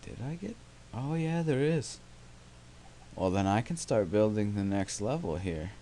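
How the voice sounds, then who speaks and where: A man's voice: lowish voice, animated, unhurried, dark tone, a little hiss or hum. A young man casually narrating his gameplay, rambling with sarcastic, self-mocking asides. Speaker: let's play host.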